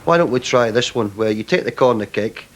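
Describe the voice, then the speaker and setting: A man, a former player, recalling team stories in a relaxed, reflective interview. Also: mid-range voice, a little fast, a little hiss or hum. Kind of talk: anecdotal interview.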